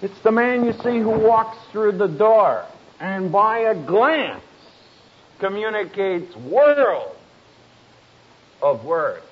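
A man speaking to an audience as a family counselor, telling stories in a slow, emphatic way with dry humor. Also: high voice, big pitch swings, husky. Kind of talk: speech to an audience. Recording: dull lo-fi recording.

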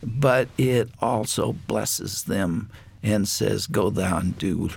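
An older man earnestly telling a personal story as an interview guest, unhurried and pausing often. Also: on the low side, vocal fry, slightly rough. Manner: earnest, unhurried anecdote with frequent pauses.

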